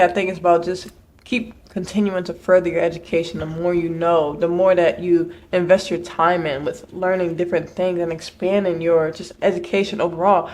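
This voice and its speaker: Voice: medium pitch, a little hiss or hum. Reflective, encouraging podcast co-host. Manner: reflective, encouraging, ends points with "right?". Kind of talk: casual podcast chat.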